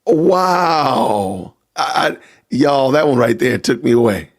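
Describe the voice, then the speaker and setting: A man hosting a casual livestream podcast, reacting out loud and talking to his viewers as "y'all". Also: fairly high pitch, lively intonation, slow, creaky. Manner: talks to chat with y'all, reacting loudly. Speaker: podcast host.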